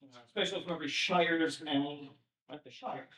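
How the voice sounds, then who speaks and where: Recorded from afar in a reverberant room, this man's voice is on the high side and sharp, moving at a moderate pace. He's a pastor running a poetry class, casual and filler-heavy, often asking "right?" and reciting old verse in a raised, sing-song tone.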